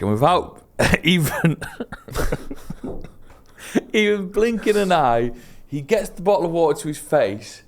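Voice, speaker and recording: A British man co-hosting a comedy podcast, telling a chaotic holiday story in a casual, animated way and laughing as he goes. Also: a little high, takes it slowly. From Britain. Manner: animated, laughs through his stories. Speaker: podcast co-host.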